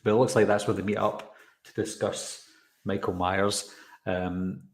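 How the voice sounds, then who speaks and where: A man with a fairly low voice hosts a casual live stream and talks loosely as he breaks down a trailer. He often drifts off topic and stops to answer viewers' comments. His voice rings with the echo of a roomy space. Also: flat delivery, unhurried. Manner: rambling, goes off on tangents, reads and answers chat comments. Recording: roomy echoey room sound.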